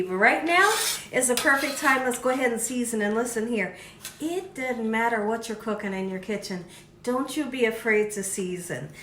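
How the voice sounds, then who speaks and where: A woman with a fairly high voice hosts a home cooking lesson, talking straight to her viewers in a chatty, encouraging way. The kitchen rings with echo, and a faint ambient hum sits underneath. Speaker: cooking channel host. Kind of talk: casual cooking demonstration.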